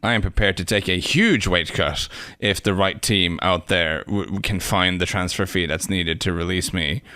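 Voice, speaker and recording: A man's voice: low-pitched, normal speed, bright, forceful tone, no echo, clean studio sound. A man arguing football opinions on a podcast in a wry, sardonic way. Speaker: podcast pundit. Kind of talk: casual football podcast chat.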